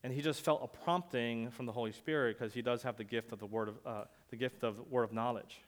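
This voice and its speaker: A male pastor preaching a sermon, telling stories conversationally and swinging from loud emphasis to quiet asides. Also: medium pitch, fairly even intonation, a little fast. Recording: long hall reverb.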